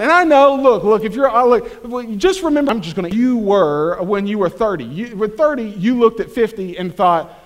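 A man's voice: high voice, lively intonation, moderate pace. A man in his thirties, a pastor preaching a conversational sermon to a church, full of restarts and acted asides. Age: 30s. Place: church hall.

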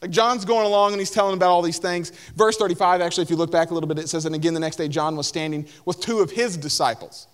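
A man's voice: high voice, fairly even intonation, quick pace, few pauses. A young man preaching a casual sermon, filling his talk with "like" and acting out the people in the story. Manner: conversational, lots of "like", acts out voices of Bible figures. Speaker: pastor.

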